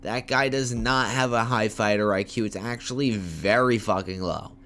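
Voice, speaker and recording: A man's voice: on the low side, moderate pace, slight background noise. Tired, foul-mouthed man giving fight picks. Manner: animated, profane, playful trash talk. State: tired, yawning late at night. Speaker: MMA fight picks host. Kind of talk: casual fight preview talk. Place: homemade setup.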